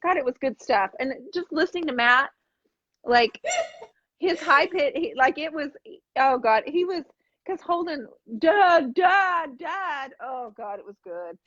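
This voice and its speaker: A woman co-hosting a live DIY painting show, telling a funny story with animated acted-out voices. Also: high voice, moderate pace, lo-fi sound. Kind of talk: casual chat while painting furniture.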